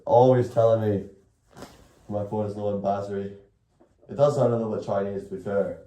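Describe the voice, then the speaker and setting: A young man talks casually on a live stream in a slightly low voice. He rambles and corrects himself mid-thought. Swearing comes easily in his chat. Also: fairly even intonation, brisk, long pauses, warm tone. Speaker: IRL streamer.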